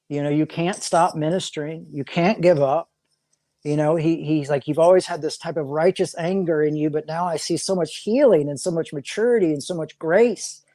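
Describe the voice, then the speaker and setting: A man's voice: fairly high pitch, a little mellow, dry recording. A man, a pastor, talking casually in an interview, rambling with many restarts and repeated words.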